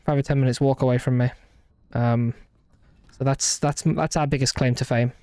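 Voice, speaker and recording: A man's voice: medium pitch, steady tone, moderate pace, warm tone, smooth, no room sound. A young man with a light Midlands accent, rambling casually as a streamer commenting on a game, full of restarts. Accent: light Midlands English. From English Midlands. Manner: rambling, hesitant, many restarts. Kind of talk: casual let's-play commentary.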